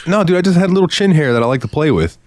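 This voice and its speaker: A young man from Florida, co-hosting a podcast, telling an animated story and swearing freely. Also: fairly high pitch, racing, no room sound. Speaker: podcast co-host. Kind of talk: casual storytelling.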